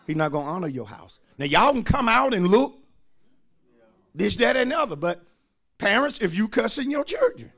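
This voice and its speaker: A man, preaching a sermon as pastor and swinging from quiet asides to shouted lines. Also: sits high, very animated, moderate pace, gravelly.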